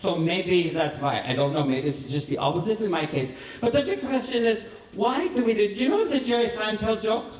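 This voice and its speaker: A flamboyant, self-adoring cabaret host, played by a man rambles through theatrical, self-mocking stories in a vague put-on European accent. His voice sits high. The sound is roomy and distant, as if the mic were across a small live venue. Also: a little fast, hardly any pauses, slight background noise, close to an everyday voice. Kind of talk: live stand-up monologue.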